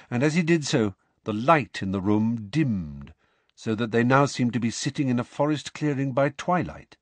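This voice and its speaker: A man narrating a storybook in an expressive, varied scripted reading. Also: mid-range voice, no echo. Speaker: audiobook narrator.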